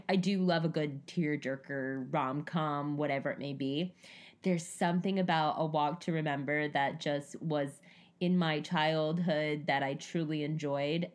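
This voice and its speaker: A woman in her thirties co-hosting a podcast, chatting casually with lots of giggling and animated storytelling. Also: deep voice. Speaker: podcast co-host. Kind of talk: casual chat.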